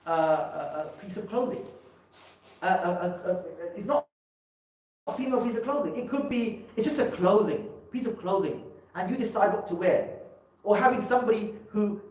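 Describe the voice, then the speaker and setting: Male speaker, emphatic public talk, higher voice, distant mic, heavy hall echo. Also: darkish tone. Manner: emphatic, with many repeated words and restarts. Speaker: religious scholar giving a talk. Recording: echoey hall, mic from far off.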